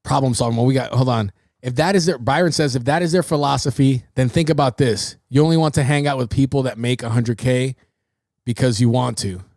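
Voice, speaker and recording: A man's voice: mid-range voice, brisk, no room sound, studio quality. A young man hosting his own livestream podcast, talking casually and swearing freely as he tells stories. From New York City. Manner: animated storyteller, swearing freely. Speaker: podcast host.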